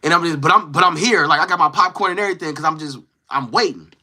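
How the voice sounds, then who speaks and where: Brief: slangy male storyteller, voice a bit high, sharp and forceful, acts out others' lines. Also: fast. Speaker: live-stream host. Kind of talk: casual storytelling.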